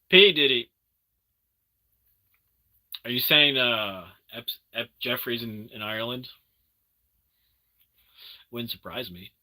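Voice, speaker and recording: A man's voice: mid-range voice, bright, forceful tone, slightly rough. A man casually chatting with viewers on a late-night live stream from home, loose and casual, swearing and groping for words.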